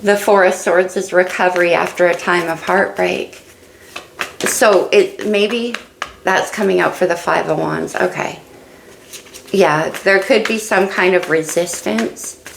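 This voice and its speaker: A woman's voice: lowish voice, a little slow, gravelly, reverberant, a little hiss or hum, rough recording. A woman doing a casual tarot reading, musing and thinking aloud as she turns each card. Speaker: tarot reader.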